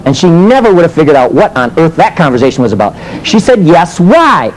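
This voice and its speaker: This teacher and minister from the United States speaks a little high and fairly quickly, preaching and teaching a sermon through animated stories and rhetorical questions. The recording is rough, with slight background noise.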